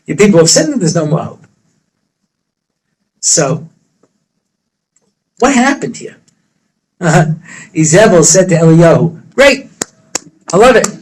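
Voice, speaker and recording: A rabbi lectures to students in a fairly high voice. He tells the story with animated humor, slipping into the characters' voices as he goes. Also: measured pace, long pauses, husky, rough recording. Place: study hall.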